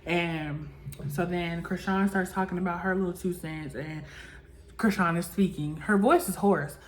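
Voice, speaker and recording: A woman's voice: lowish voice, steady tone, unhurried, a little hiss or hum. Chatty young woman recapping a show. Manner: chatty, full of "like" and acted-out quotes. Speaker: reality show recap vlogger. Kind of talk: casual chat.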